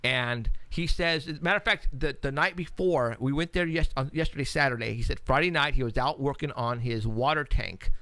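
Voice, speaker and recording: A man's voice: mid-range voice, fairly quick, hardly any pauses, sharp tone, no echo. A man co-hosting a paranormal radio show, talking in a rambling, casual way with many restarts as he walks through photos.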